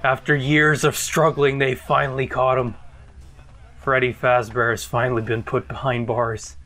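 A young man commentating on a video game he is playing, excitable and foul-mouthed, with loud outbursts and frequent laughs. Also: mid-range voice, moderate pace, a little hiss or hum. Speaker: gameplay commentator. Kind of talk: let's play commentary.

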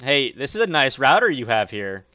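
A man's voice: mid-range voice, sing-song, normal speed, very noisy, natural voice. A man playing a gloating bratty house cat. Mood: taunting. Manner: loud, gloating, mocking taunts. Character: bratty destructive male house cat, smug taunter. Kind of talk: voicing a game character while playing.

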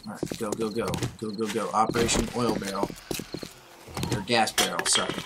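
A man casually commentating on a survival game as he plays, excitable and talking back to the enemies on screen. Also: fairly low pitch, moderate pace, heavy background noise. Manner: excitable, talks to the game's enemies. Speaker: gameplay commentator. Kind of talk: casual let's-play commentary. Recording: loud game music under the voice.

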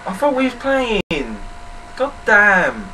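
Lively young man, mic far off. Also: very high-pitched, slow. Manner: joking, sweary, lively outbursts. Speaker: gaming channel host. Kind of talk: casual let's-play commentary. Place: room at home, recording while gaming. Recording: distant mic with faint noise.

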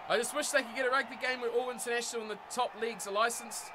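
A young man commentating a rugby video game live and chatting with viewers, excitable and laughing often. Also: very high-pitched, rapid-fire, noisy background. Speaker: game streamer.

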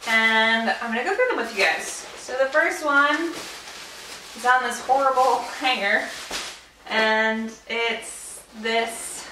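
A woman's voice: fairly high pitch, sharp tone, distant mic, slight background noise. Chatty young woman, echoey room. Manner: chatty, enthusiastic, with fillers like "like" and "uh". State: out of breath. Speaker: fashion vlogger. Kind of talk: casual vlog narration. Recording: echoey room, away from the mic.

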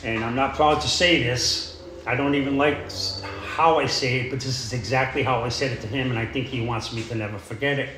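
A man's voice: medium pitch, fairly even intonation, fairly quick, noisy background. A middle-aged man telling his recovery story in a plain, rambling way, full of "you know" and "uh". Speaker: AA speaker sharing his story. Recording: echoey room.

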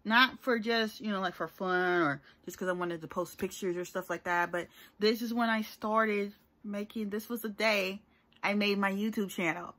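A woman's voice: mid-range voice, fairly even intonation, moderate pace, fairly bright tone. A young woman talking casually to her viewers in a rambling, chatty vlog. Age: young adult. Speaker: YouTuber.

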